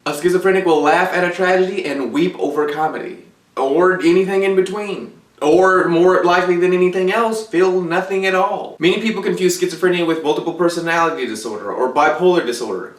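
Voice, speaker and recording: A man's voice: fairly high pitch, a bit bright, distant mic. A man from Texas giving a blunt, profane, darkly joking confessional monologue to the camera. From Texas, USA. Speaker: vlogger. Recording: roomy echo, away from mic.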